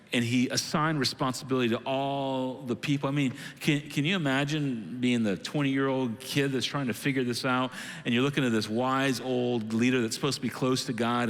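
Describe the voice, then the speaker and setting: A man preaching a sermon as lead pastor, animated and acting out quoted voices. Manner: animated, acts out quoted voices with sudden pitch jumps. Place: church auditorium. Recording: long hall reverb.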